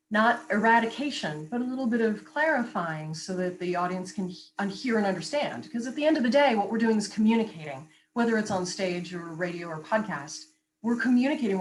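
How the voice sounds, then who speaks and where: A woman who works as a vocal coach, answering interview questions in a clear, articulate, explanatory way and laughing easily. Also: medium pitch, a little hiss or hum, rough recording.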